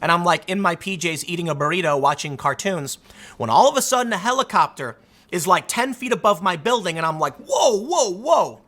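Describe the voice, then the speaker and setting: A man in his thirties giving casual, sarcastic commentary and telling stories in an animated, mocking way. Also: high voice, a little fast.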